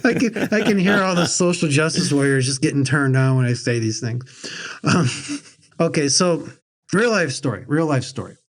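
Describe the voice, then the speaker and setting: A man's voice: fairly high pitch, animated, normal speed. A man hosting a podcast in casual chat, blunt and joking as he tells stories to his co-host. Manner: brash, joking, blunt storytelling.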